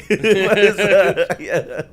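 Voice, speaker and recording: A man's voice: sits high, very slow. A young man joking and laughing as he comments on a video game with friends. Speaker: let's play commentator. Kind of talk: casual banter over gameplay.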